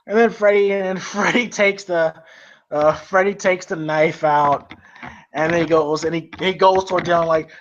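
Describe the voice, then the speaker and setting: A man's voice: on the high side, steady tone, normal speed. Rambling male movie-review host. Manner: rambling with many fillers and restarts, laughs often. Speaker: podcast host. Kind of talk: casual movie review chat. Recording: dull lo-fi with faint hiss.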